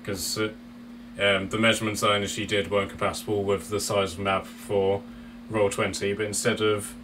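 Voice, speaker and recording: Low-voiced man running a tabletop game. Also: little pitch movement, brisk, distant mic, background noise. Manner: rambling, with fillers and laughs. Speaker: game master.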